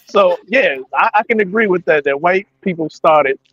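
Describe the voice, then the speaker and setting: A man's voice: high voice, animated, normal speed, fairly bright tone. A man joining a casual podcast chat, laid-back and joking. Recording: slightly dull lo-fi sound.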